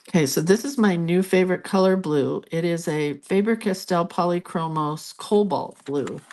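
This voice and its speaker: An older woman chatting casually as she colors, rambling into stories with soft, murmured asides at her art desk. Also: fairly low pitch, a little hiss or hum. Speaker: art vlogger. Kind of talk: casual chat while coloring.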